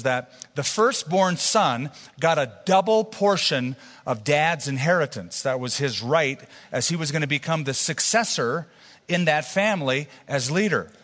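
A man's voice: a little high, fairly bright tone. A man teaching a sermon in a conversational way, with asides to his congregation. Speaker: pastor. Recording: long hall reverb.

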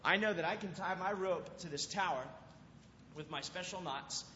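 This youth pastor speaks at a normal speed in a high voice, delivering a laid-back sermon full of acted-out scenes and stories. He keeps dropping fillers like "like" and "right?". A bit of hiss or hum sits under the dull, lo-fi sound of an echoing hall.

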